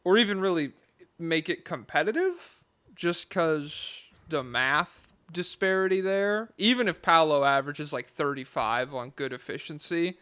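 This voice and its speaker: A man's voice: on the high side, lively intonation, unhurried, bright, forceful tone, clear, resonant tone. A man co-hosting a casual sports podcast, rambling in a laid-back way and swearing now and then. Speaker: podcast co-host.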